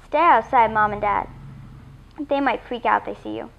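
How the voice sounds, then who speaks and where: A woman voicing a spirited, bossy little girl who talks excitedly. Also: a little high, normal speed, vocal fry, phone-quality sound. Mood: lively. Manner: excited, snappy.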